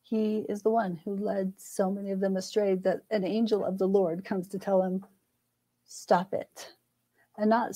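A woman's voice: medium pitch, flat delivery, measured pace, mellow, poor audio. A middle-aged woman scholar, a guest in a conversational interview, speaking thoughtfully and earnestly. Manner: thoughtful, earnest, frequent restarts.

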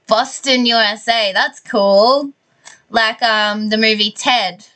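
Woman streaming slow, chatty Australian. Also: fairly high pitch. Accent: mild Australian. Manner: chatty, relaxed, frequent likes and laughs. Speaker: livestreamer. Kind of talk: casual chat with live viewers while building.

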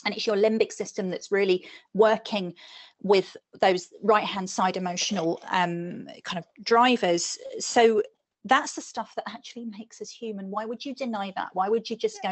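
A woman's voice: mid-range voice, moderate pace. A woman guest talking casually and thoughtfully, feeling her way through ideas. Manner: thoughtful, searching for words with fillers. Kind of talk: casual conversation.

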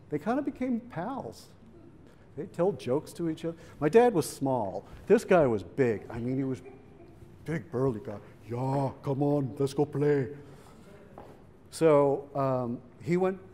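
Speaking in a warm, mid-range voice, a middle-aged man shares a family story at a public event, keeping it conversational and imitating the voices of those he quotes. The setting is a museum event hall, and the audio has hall reverb with faint background noise.

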